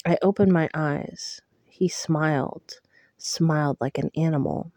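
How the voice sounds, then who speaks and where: A woman reading a first-person novel aloud in a hushed, intimate way. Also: low-pitched, measured pace, dry recording. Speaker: audiobook reader.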